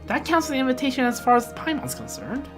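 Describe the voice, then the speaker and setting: A woman voicing a tiny floating fairy companion in a high, sassy voice for a game read-along. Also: big pitch swings, quick pace, music in the background.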